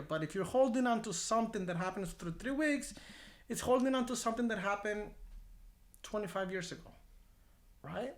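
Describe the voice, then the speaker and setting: A man's voice: high-pitched, brisk. Man acting out conversations in casual chat. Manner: animated, acts out both sides of dialogues; blunt, swears casually. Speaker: mental health clinic founder, therapist.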